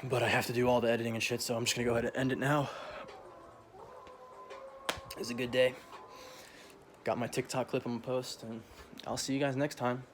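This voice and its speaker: A man's voice: mid-range voice, flat delivery, quick pace, noisy background. A young man vlogging a casual, profane rant full of slang, often laughing as he talks.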